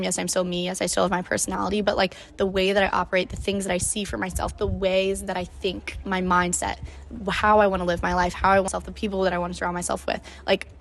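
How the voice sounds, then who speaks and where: A young woman hosting her own podcast, chatting casually and emotionally about her travels, with lots of "like" in her speech. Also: lowish voice. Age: young adult. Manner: chatty, emotional, heavy use of "like". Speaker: podcast host. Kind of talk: casual solo storytelling.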